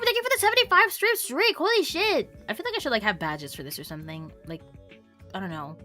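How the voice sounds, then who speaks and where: A young woman from Canada, a streamer chatting casually with her viewers, playful and teasing, quick to laugh and trade mock insults. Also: medium pitch, pushed and bright. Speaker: variety streamer. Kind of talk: casual chat reading stream chat.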